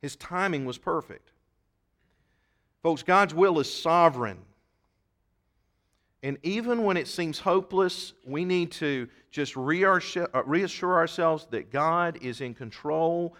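Bright-voiced preacher, dramatic. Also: male voice, slow pace. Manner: reads scripture aloud, swings from loud emphatic shouts to low asides. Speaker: pastor. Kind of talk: sermon.

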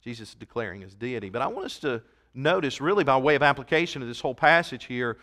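A man preaching a sermon to a church congregation, earnest and emphatic, swinging from soft passages to loud appeals. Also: medium pitch, expressive, fast. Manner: reads scripture in King James wording. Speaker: pastor. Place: church service.

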